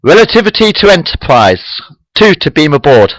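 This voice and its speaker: Guy doing a starship captain who's got surprises up his sleeve, kinda halting, lively pitch. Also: no room sound, rough recording. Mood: proud. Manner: hesitant with uh fillers. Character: confident male starship captain full of surprises. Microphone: webcam.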